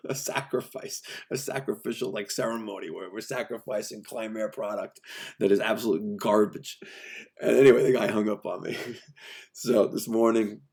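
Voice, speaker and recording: A middle-aged New man with a somewhat low voice, ranting in a vlog about bad customer service. He sounds exasperated and keeps acting out his phone calls. He speaks as a trade contractor. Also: darkish tone. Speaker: HVAC contractor.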